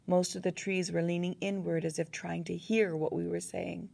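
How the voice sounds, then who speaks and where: Woman narrating with a gravelly, low voice. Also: flat delivery, moderate pace, mellow. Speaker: audiobook narrator. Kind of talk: first-person novel narration.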